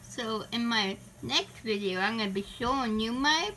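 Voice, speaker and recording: High, sing-song woman cooing baby talk. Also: lively intonation, normal speed, a little hiss or hum. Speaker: pet vlogger. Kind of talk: casual vlog talking to her cat. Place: indoors at home with her cat. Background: soft rain sound playing.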